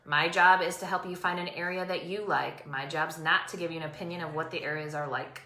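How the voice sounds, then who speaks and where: A woman's voice: low-pitched, steady tone, brisk, pushed and bright, reverberant. A woman co-hosting a casual show, speaking directly as a realtor. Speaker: co-host, realtor. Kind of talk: casual chat.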